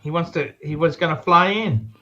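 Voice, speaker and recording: Aussie guy on a livestream, high bouncy voice, dull lo-fi sound with a bit of music under it. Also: normal speed, bright, forceful tone. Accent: Australian. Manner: asks short questions, chatty. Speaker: livestream host. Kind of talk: casual livestream chat. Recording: dull lo-fi audio with faint music.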